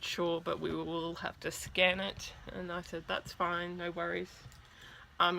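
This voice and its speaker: A woman vlogger excitedly telling a story in a casual, chatty way, with lots of fillers. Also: fairly low pitch, vocal fry.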